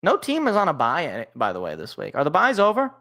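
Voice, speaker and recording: A man's voice: fairly high pitch, wildly swooping pitch, a little fast, pushed and bright. A young man hosting his own sports show, chatting casually and rambling into joking, self-deprecating tangents. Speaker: sports podcast host. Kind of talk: casual solo sports talk.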